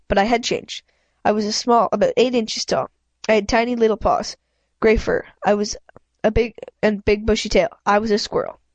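A woman's voice: medium pitch, dry recording. A woman reading a children's novel aloud in a plain voice, often stumbling and correcting herself. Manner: plain reading with frequent slips and self-corrections. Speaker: reader of a book. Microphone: home microphone, self-adjusted.

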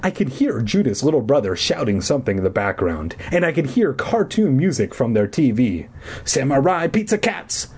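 Comedic reader: husky man, very lively pitch, deadpan asides. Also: brisk, few pauses. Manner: deadpan crude asides between reading. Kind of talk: comedic audiobook reading.

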